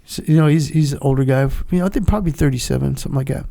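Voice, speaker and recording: Speaking in a rapid-fire, gravelly mid-range voice with a dark tone, the older former Navy SEAL guest rambles through his stories. He laughs frequently and mimics the voices he quotes during this relaxed storytelling interview.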